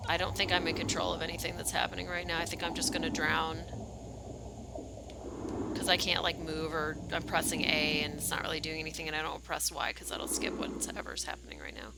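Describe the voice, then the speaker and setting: A woman's voice: sits low, monotone, fairly quick, vocal fry, heavy background noise. Chatty young woman streaming a game. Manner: chatty and rambling, full of "like" and "um". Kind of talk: casual livestream commentary.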